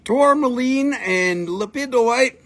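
A man's voice: very high-pitched, slow pace, fairly bright tone. A man hosting a live stream where he sells minerals, chatting casually and joking around, and talking to his dogs between items. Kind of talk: casual live sales chat.

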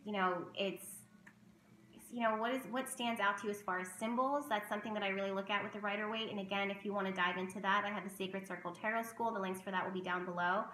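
A woman's voice: medium pitch, fairly even intonation, quick pace, sharp tone, roomy sound, slight background noise, rough recording. A woman vlogging about tarot in casual chat to camera, emotional and rambling, with many fillers and restarts.

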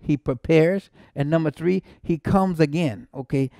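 A man's voice: on the high side, normal speed, warm tone, no room sound, studio quality. A man preaching a sermon as pastor, exclaiming often, repeating words and building to emphatic peaks with bursts of laughter. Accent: American. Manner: laughs between phrases.

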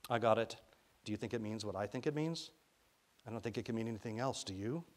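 A man's voice: fairly low pitch, fast talker, lightly acted. A man voicing a resigned, weary man who speaks over an intercom. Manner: resigned, flat, sighing.

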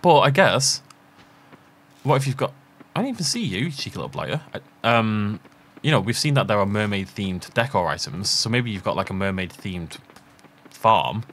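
A man with a fairly low voice narrates his gameplay in a chatty running commentary. His pitch swings widely as he thinks aloud, and he laughs often. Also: big pitch swings, normal speed, a bit bright. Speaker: gaming channel host. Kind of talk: let's play commentary.

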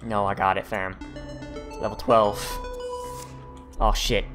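A man's voice: lowish voice, flat delivery, takes it slowly, long pauses, fairly bright tone, soft background music. A man doing casual gameplay commentary, swearing often and breaking into frustrated outbursts. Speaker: let's player.

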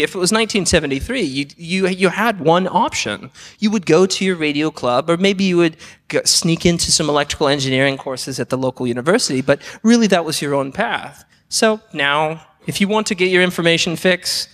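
An enthusiastic man presents a conference talk, often turning to ask the audience questions. His voice is high and swings widely in pitch. It echoes through a large hall. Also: a bit bright.

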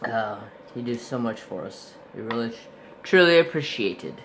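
A craft channel host, a man with a mid-range voice, chats his way through a casual unboxing vlog, rambling with plenty of fillers and self-corrections. He sounds very animated and fairly bright at a moderate pace, though a little stuffy as he recovers from being sick. A faint hiss or hum sits under the recording.

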